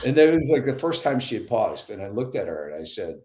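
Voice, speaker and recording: A man in his fifties, a podcast guest, telling a story with lively acted-out dialogue. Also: mid-range voice, quick pace, hardly any pauses. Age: 50s. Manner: animated storyteller, acts out dialogue. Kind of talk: conversational storytelling. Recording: echoey room.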